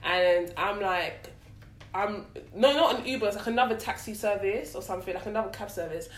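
Fast-talking London woman in a roomy space. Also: medium pitch, far from the mic. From London, England. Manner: rapid, storytelling, acts out quotes, laughs often. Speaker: guest telling a story. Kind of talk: casual chat.

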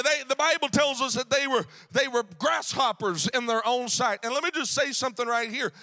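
Preacher guy, really high bright voice, shouts and half-sings his lines. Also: brisk, hardly any pauses. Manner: shouting, sing-song preaching cadence with "uh" fillers. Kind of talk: sermon.

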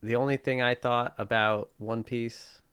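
A man co-hosting a casual podcast chat, relaxed and agreeable, often giving short replies. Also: mid-range voice, measured pace, smooth, no room sound. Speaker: podcast co-host.

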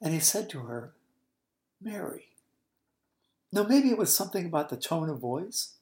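Low-voiced woman teaching scripture. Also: fast talker. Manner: expressive, storytelling, explains original-language words. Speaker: Bible teacher. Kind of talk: expository Bible teaching.

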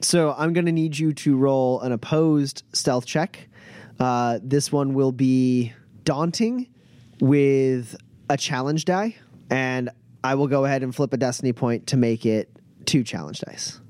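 Relaxed male GM, mid voice, dry close mic. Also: medium pitch, unhurried, dry recording. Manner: relaxed, filler-heavy narration. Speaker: game master. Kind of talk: narrating a tabletop game.

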